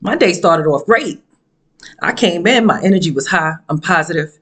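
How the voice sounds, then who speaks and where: A motivational speaker, an animated woman, tells a story at normal speed. Her dramatic monologue has sudden pitch jumps, and her delivery is emphatic and preachy, with repetition.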